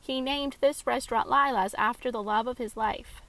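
A woman voicing a kindly middle-aged restaurant owner, telling his family story calmly. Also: fairly high pitch, normal speed, rough recording.

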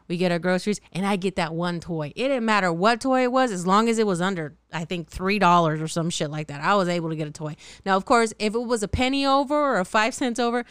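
Brief: woman in her thirties, solo podcast host, very smooth clear voice, dry close mic, blunt and cussing, sore throat. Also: medium pitch, fairly bright tone, no echo. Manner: blunt, profane, laughs often, self-mocking. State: slightly sore, scratchy throat. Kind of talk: candid solo podcast monologue.

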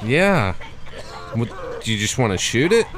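A man's voice: medium pitch, big pitch swings, unhurried. A young man trading dry jokes and swearing in casual gaming banter with friends. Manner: dry joking, swears often. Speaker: gamer.

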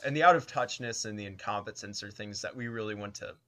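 A man's voice: fairly low pitch, quick pace, a crowd in the background. A young man co-hosting a casual chat, speaking thoughtfully and searching for the right words. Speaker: podcast co-host.

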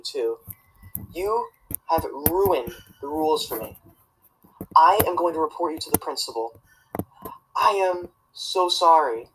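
A woman's voice: deep voice, slight background noise, rough recording. A woman acting a prissy, rule-obsessed teacher's pet student in a comedy sketch, tattling and preaching about the rules. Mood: preachy, disappointed. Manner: tattling, self-righteous and preachy.

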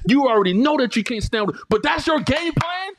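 A man in his forties co-hosting a sports podcast, arguing in a heated, loud, emphatic way. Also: very high-pitched, lively intonation, brisk, no room sound. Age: 40s. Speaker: podcast co-host. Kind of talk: casual sports debate.

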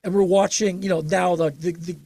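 An older man spinning stories in a relaxed interview, his voice gravelly and somewhat husky. He tells them emphatically, jumping into sudden animated bursts. The sound is close and dry, with no room around it. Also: high voice, brisk, no echo. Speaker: interview guest. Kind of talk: casual storytelling interview.

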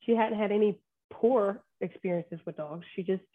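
A woman's voice: medium pitch, moderate pace. Woman dog trainer on a tinny line. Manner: animated storytelling, sarcastic asides. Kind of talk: casual podcast chat.

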